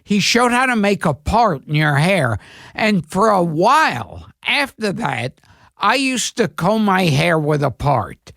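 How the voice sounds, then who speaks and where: A man in his sixties from New York, co-hosting a podcast and telling childhood stories in a gravelly, drawn-out way. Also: high voice, very animated, fairly bright tone, no echo, clean studio sound. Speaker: podcast co-host. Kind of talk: casual chat.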